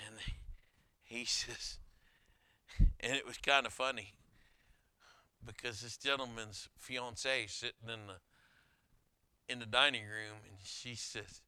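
A man preaching a sermon as a pastor, telling anecdotes in a conversational, animated way. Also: medium pitch, a little slow, long pauses, no echo. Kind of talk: sermon with storytelling.

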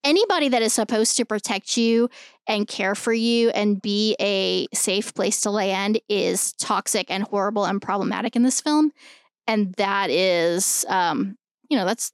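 Smooth-voiced woman with emphatic casual talk. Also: mid-range voice, dry recording, clean studio sound. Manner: emphatic, swears freely. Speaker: podcast co-host. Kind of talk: casual film discussion.

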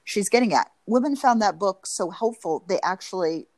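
A woman's voice: mid-range voice, normal speed, dry recording. A woman therapist talking animatedly in a podcast interview, acting out what spouses say. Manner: animated, acts out spouses' lines in quoted voices. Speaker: marriage and family therapist, guest.

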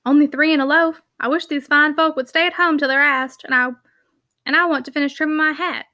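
A woman's voice: sits high, fairly even intonation, a little fast, sharp tone. A woman voicing a blunt, complaining cook in service who talks in dialect. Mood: grumbling. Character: grumbling Yorkshire servant cook, woman.

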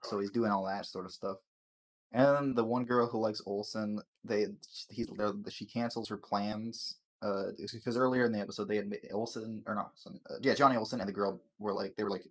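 A man's voice: fairly low pitch, steady tone, a little fast. A man hosting a casual chat, rambling and swearing through a TV episode recap, stumbling over words and laughing.

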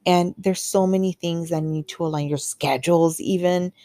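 A woman's voice: on the low side, steady tone, moderate pace, dark tone, no room sound. A woman hosting a podcast, telling a personal story in a candid, chatty way full of fillers and acted-out quotes. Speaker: podcast host. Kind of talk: casual storytelling monologue.

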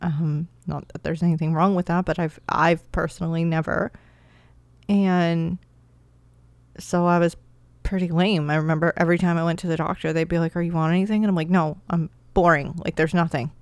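A woman's voice: lowish voice, steady tone, a little fast, no echo. A young woman casually telling her own story as a new mother, candid and rambling, with many fillers.

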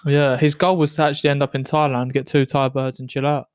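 A man's voice: mid-range voice, level tone, brisk, smooth, no echo, clean studio sound. A young man co-hosting a podcast, bantering casually, laughing often and swearing freely. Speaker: podcast co-host.

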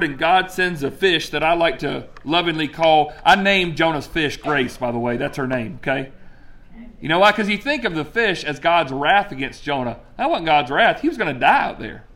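A male preacher delivering a lively, conversational sermon, telling a story with casual asides to his congregation. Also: fairly high pitch, moderate pace.

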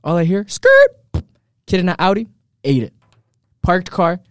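A young man telling stories in a casual group chat, animated, slangy and profane. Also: high-pitched, measured pace, clear, resonant tone, no room sound, studio quality.

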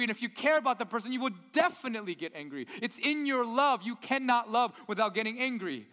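A man's voice: extremely high pitch, pushed and bright, long reverb tail. A man preaching a sermon in a conversational way, often putting rhetorical questions to the audience. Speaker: pastor.

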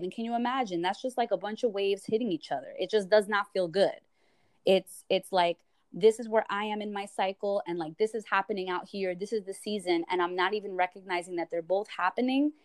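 A woman's voice: mid-range voice, fairly quick, dry recording. A woman psychotherapist talking earnestly and reflectively in a casual podcast conversation, with many "you know"s. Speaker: psychotherapist guest.

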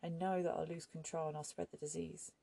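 A woman reading an audiobook voices a calm, resigned young man who speaks softly and never raises his voice. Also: low-pitched, brisk, creaky, husky, full character voice. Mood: sorrowful. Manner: soft-spoken, never raises voice.

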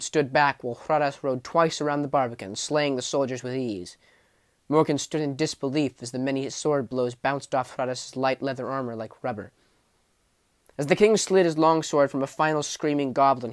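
A man reading a fantasy novel aloud as an audiobook, telling the story vividly, rising in the battle scenes and sinking low for menace. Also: no room sound. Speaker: audiobook narrator. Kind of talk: dramatic audiobook narration.

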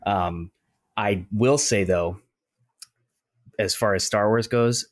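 Low-voiced young film buff man. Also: takes it slowly, dry recording, studio quality. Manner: thoughtful, rambling film buff. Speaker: podcast co-host. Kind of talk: casual chat.

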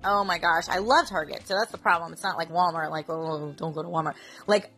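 A woman's voice: fairly low pitch, steady tone, fairly quick, a bit bright, slightly rough, soft background music. A woman in her thirties, a mother, telling a story in a casual, rambling vlog full of fillers. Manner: chatty, rambling, filler-heavy. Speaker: mother and Daisy troop leader.

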